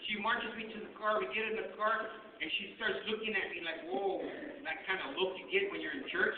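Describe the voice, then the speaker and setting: A man's voice: high voice, fairly even intonation, fast, a crowd in the background. A man telling humorous stories as a guest speaker, mixing Spanish slang into his talk. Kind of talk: humorous personal storytelling. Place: school hall. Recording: far-off, echoey, tinny with noise.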